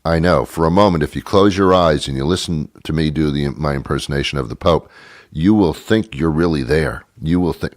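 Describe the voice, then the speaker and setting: A man's voice: rumbling low, normal speed, dry recording, clean studio sound. A man hosting a talk show, ranting sarcastically in a comic monologue. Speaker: radio talk show host.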